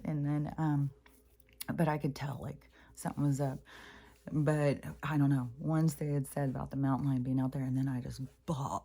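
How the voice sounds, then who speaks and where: Low, mellow-voiced woman telling stories. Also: steady tone, moderate pace, breathy edge. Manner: rambling, emotional, swears freely, acts out voices with pitch jumps. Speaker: spiritual vlogger. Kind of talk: casual personal storytelling.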